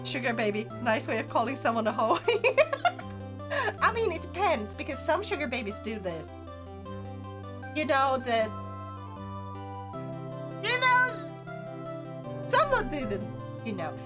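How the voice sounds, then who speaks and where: A woman's voice: sits high, very animated, takes it slowly, pauses often. A woman streamer chatting casually while playing, rambling and giggly, over game music. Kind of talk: casual gameplay chat.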